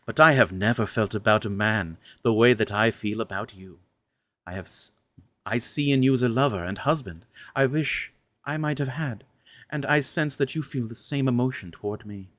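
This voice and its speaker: A man voicing a frank, seductive aristocratic woman, speaking in a husky, formal and measured way in a storybook reading. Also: medium pitch, expressive, no echo, lightly acted. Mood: intimate, pleading.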